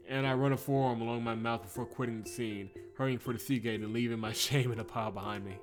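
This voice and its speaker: A man of middle pitch reads a visual novel aloud on a livestream, switching between dramatic narration and playful asides. He laughs often and trips over words, correcting himself as he goes. Soft music plays faintly underneath. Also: steady tone, fairly quick. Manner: chuckles often, breaks off into playful commentary; stumbles and self-corrects on words. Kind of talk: dramatic read-through with casual asides.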